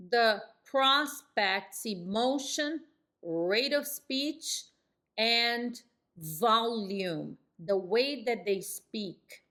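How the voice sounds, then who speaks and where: A middle-aged woman coaching real estate agents, speaking firmly in falling tones and jumping up high to demonstrate. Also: a bit bright. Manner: emphatic, demonstrates phone tones with sudden high pitch jumps; speaks in firm downswings. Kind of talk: coaching lesson to camera.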